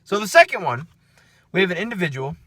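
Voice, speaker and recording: A man's voice: high-pitched, big pitch swings, quick pace, bright, forceful tone, no room sound. Chatty, profane man with a dry voice. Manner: chatty, profane, keeps checking in with "okay?" and "right?". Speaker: night-shift security guard. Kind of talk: casual after-work storytelling vlog.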